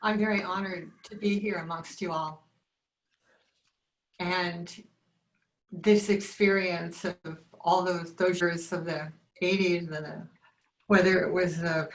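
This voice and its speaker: A woman in her sixties sharing heartfelt memories over a video call, earnest and halting, often emotional. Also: lowish voice. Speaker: reunion guest. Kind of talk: heartfelt reminiscence.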